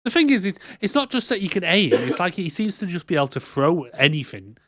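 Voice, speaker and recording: A man's voice: high-pitched, sing-song, brisk, a bit bright, dry recording, clean studio sound. A man, co-hosting a casual movie roast podcast, laughing often as he recaps scenes. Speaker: podcast co-host.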